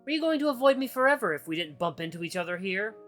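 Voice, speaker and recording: A bitter, possessive ex-boyfriend from a visual novel , put on by a man, his voice pushed higher and swinging as he nags and accuses. The tone is bright and sharp. Soft guitar music plays faintly behind him. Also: very animated, fast. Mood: whining, guilt-tripping. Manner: whiny, accusing, raised pitch. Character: bitter possessive male ex, clingy and spiteful.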